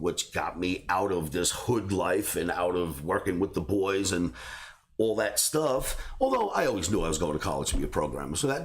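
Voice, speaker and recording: A man hosting a trading show, telling a personal story in a casual, animated way and laughing between beats. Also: sits low. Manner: animated, laughs through his own stories. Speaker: trading academy host.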